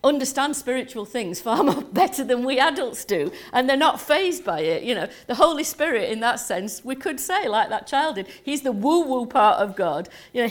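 A woman pastor giving a sermon to her church in a relaxed, conversational way, full of "you know" and "um". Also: on the high side.

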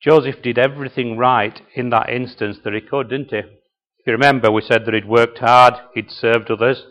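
A man's voice: mid-range voice, fairly even intonation, normal speed, fairly bright tone, dull audio. A man preaching a sermon and often asking the congregation questions. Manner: conversational, asks the congregation questions.

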